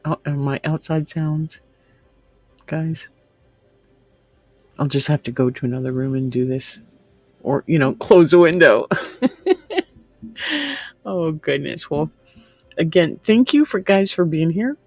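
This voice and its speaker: Chatty woman host on a home livestream, bubbly, laughs a lot, dry sound, soft music behind. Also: deep voice, unhurried, pauses often, no room sound. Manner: chatty, bubbly, laughs often, drops to whispers. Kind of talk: casual livestream chat reading comments. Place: room at home with window open.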